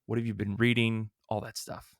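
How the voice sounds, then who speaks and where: A man hosting a casual comics podcast, animated and laughing often, with plenty of fillers. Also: lowish voice, moderate pace, dry recording, studio quality. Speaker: podcast host. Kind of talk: casual chat.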